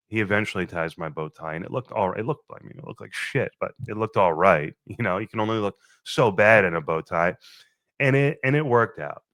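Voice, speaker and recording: A young adult man hosting his podcast, telling a profane, animated wedding story and acting out his own quoted lines. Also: fairly low pitch, dry recording. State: a little thirsty, just woke up. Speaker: podcast host. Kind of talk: casual storytelling monologue.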